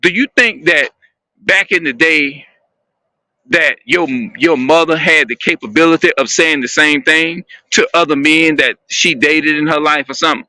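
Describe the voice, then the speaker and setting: A man talking to his viewers in a rambling, halting monologue, often repeating and restarting his phrases. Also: fairly high pitch, pushed and bright, no room sound.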